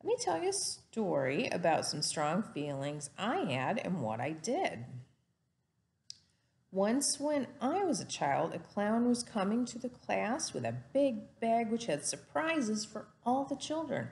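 A woman teacher giving a lesson to young children in a slow, sing-song way. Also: mid-range voice, wildly swooping pitch, creaky, darkish tone.

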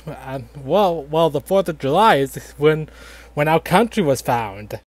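A man voicing a grandfatherly animatronic fox who tells a satirical history lesson in a halting, filler-heavy ramble. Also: on the high side, animated. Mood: rambling. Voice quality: halting, filler-heavy, lots of likes and restarts. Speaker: storyteller grandfather. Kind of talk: casual satirical storytelling.

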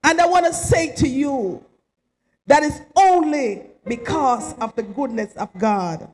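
Lady speaking slow at a memorial, choked up and preachy, music going behind her. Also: high-pitched, darkish tone, rough recording. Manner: rambling, heartfelt, preacherly. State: emotional, near tears. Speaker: eulogy speaker at a memorial service. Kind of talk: emotional spoken tribute.

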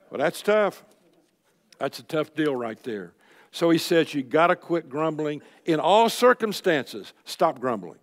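A man's voice: a little high, expressive, measured pace. An older man preaching a sermon at a men's luncheon, folksy and emphatic, firing off rhetorical questions. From Texas. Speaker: Christian speaker at a men's luncheon. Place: luncheon hall. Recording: long hall reverb.

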